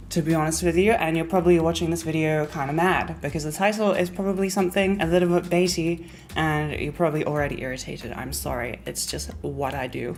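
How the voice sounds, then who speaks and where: A woman's voice: sits low, a little hiss or hum. A young woman vlogging at home in a casual, chatty way, full of fillers and little asides. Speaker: YouTuber. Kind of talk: casual vlog talk.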